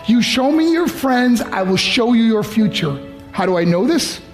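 A man's voice: very high voice, very animated, moderate pace. A middle-aged man from the United States giving a motivational speech, telling a personal story in an earnest, pleading way. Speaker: motivational speaker. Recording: faint music underneath. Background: soft background music.

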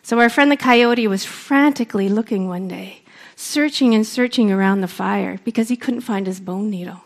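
A woman from Canada, a storyteller, giving an earnest public speech with deliberate emphasis. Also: medium pitch. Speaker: storyteller and speaker.

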